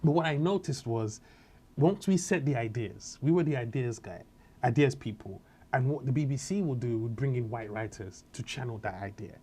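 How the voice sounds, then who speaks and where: A man's voice: mid-range voice, normal speed. A man, a comedian, talking casually in an interview and acting out quotes as he tells stories. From Nigeria and Britain. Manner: animated storyteller, acts out quotes. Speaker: comedian guest.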